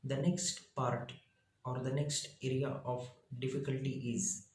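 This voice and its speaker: A man, a teacher reading his lesson out slowly in short, halting phrases. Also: medium pitch, little pitch movement, roomy sound, rough recording. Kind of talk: reading lesson slides aloud.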